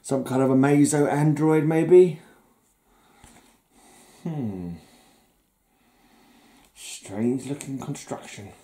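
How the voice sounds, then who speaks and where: A man with a mellow, darkish voice at an ordinary pitch chats casually through his comic book collection. He is easily amused and chuckles often while he talks. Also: extremely slow, pauses often.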